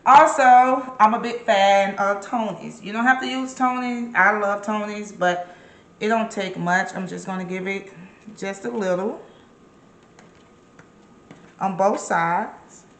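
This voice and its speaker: A woman's voice: medium pitch, a little slow, long pauses, a bit bright, echoey room. A woman giving a casual, chatty cooking demonstration in her kitchen, encouraging the viewer with emphatic repeated words. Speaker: home cook and caterer.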